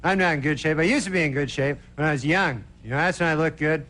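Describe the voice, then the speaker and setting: A man's voice: on the high side, fast talker, a bit bright. A man doing a stand-up routine on a television studio stage, with a loose, rambling delivery full of "you know" and "uh". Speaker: stand-up comedian.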